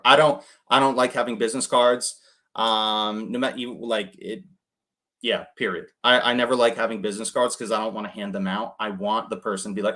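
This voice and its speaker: A man's voice: medium pitch, a little fast, fairly bright tone. A young man giving casual coaching talk as host, rambling with many fillers and acted-out quotes. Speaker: host coaching cold callers.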